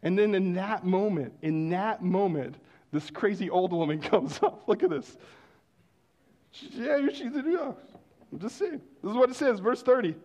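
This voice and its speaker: A male pastor preaching a sermon in a conversational storytelling way, dropping to hushed exclamations of wonder. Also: high-pitched, animated, moderate pace, lo-fi sound.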